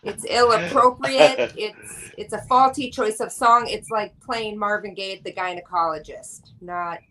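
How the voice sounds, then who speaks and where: A woman's voice: mid-range voice, steady tone, a little slow, bright, forceful tone, low-quality recording. A woman comedian telling a joke in a hesitant way, with many ums and uhs before she gets to the point. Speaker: comedian guest.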